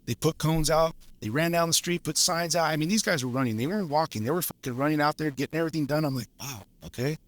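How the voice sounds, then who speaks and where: A man around fifty, a journeyman lineman and podcast guest, telling stories in a blunt, profane, animated way. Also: fairly high pitch, quick pace, hardly any pauses, dry recording. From Los Angeles area. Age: 50s. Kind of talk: casual storytelling chat.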